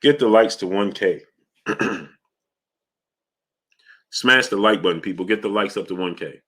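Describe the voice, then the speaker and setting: Man, live stream host, deep voice, bright forceful tone, casual comment-reading chat. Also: a little slow. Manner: shouts out viewers by name, asks for likes.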